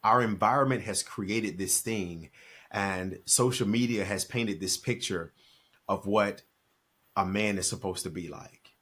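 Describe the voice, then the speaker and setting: Podcast guest: man, 40s, husky and fairly low voice, earnest, emphatic storytelling. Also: a little slow, fairly bright tone. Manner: earnest, emphatic, acts out quoted dialogue. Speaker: podcast guest, speaker and author. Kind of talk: reflective storytelling in conversation.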